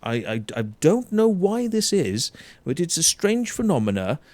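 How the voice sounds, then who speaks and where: A Welsh man hosting a casual livestream chat, blunt and animated, swearing heavily as he rants. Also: fairly high pitch, unhurried, no room sound. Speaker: show host.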